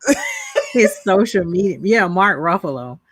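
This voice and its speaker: A woman's voice: fairly low pitch, lively intonation, moderate pace, dry recording. A woman co-hosting a podcast, chatting casually about a show, laughing often and acting out quotes from it. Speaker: podcast co-host. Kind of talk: casual review chat.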